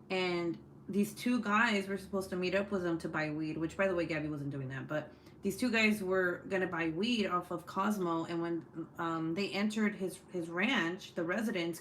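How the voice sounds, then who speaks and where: A woman's voice: fairly low pitch, a bit bright, slight background noise. A young woman hosting a casual chat, blunt, teasing and profane. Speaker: host.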